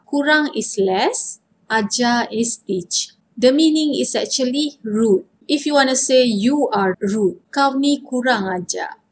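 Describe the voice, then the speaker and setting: A woman's voice: fairly high pitch, a little hiss or hum. Malaysian woman teaching phrases. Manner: explains patiently, repeats phrases for the learner. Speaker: language teacher. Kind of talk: casual language lesson.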